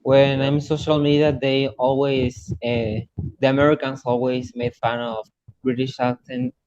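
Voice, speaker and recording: Man speaking careful, halting English. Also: medium pitch, level tone, darkish tone. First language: Spanish. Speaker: English learner. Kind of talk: casual video call chat. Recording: muffled video call audio, faint hiss.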